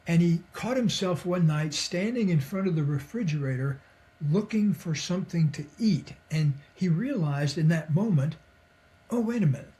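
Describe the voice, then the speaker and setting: An older man, a psychologist and author, guests on a podcast, telling relaxed, reflective stories from his life and work. His dark-toned voice sits a little high for a man, and he often chuckles and imitates the people he quotes.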